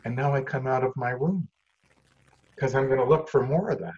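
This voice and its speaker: A man from Canada, a parenting expert explaining ideas in a lively way and acting out little scenes with changing voice and volume. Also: medium pitch, fairly quick. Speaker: parenting expert, workshop leader. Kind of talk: animated storytelling explanation. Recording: dull lo-fi sound.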